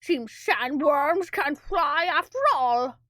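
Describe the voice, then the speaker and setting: A sneering male villain commander, threatening and scornful, as a woman reads him out. The voice is high and bright, delivered at a slow pace. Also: dry recording, clean studio sound, heavily acted.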